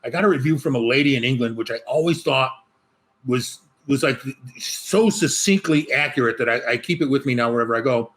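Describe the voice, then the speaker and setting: Man, author guest, casual chat, rambling and jokey, mid-pitched voice. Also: a little fast, a bit bright. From Chicago. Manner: rambling, joking, many restarts.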